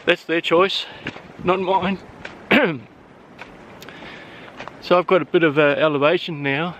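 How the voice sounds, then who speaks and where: A man vlogging casually while hiking outdoors, out of breath, talking in a relaxed, hesitant way with many fillers. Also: on the high side, slow. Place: outdoors on a wooded trail. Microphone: handheld camera mic. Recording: wind noise on camera mic.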